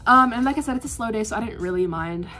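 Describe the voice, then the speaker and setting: Young adult woman, casual storytime vlog, animated, exasperated, sighing, filler words, faint background music. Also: fairly high pitch, fast talker. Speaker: art vlogger.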